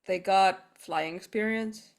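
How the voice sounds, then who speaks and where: A woman's voice: mid-range voice, slow pace, vocal fry. A woman playing a tabletop role-playing game, blunt and practical in her talk. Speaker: player. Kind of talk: in-character tabletop play.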